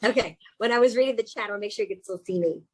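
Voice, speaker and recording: A woman with a Southern accent coaches a webinar audience over a video call. Her voice has a husky grain, and she keeps her delivery chatty and animated. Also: medium pitch, racing, poor audio. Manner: chatty and animated, with self-mocking asides. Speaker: executive coach. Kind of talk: webinar presentation.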